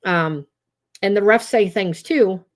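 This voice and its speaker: A woman's voice: medium pitch, slow. A woman hosting a casual livestream as a trauma-informed educator, talking in a chatty way with many fillers and often acting out quotes in different voices. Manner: animated, acts out quotes in voices.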